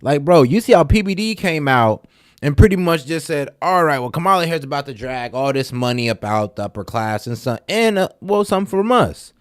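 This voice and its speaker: Man, reaction host, blunt, profane, casual, dry sound, lively pitch. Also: brisk, no room sound. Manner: blunt and profane, talks straight to viewers.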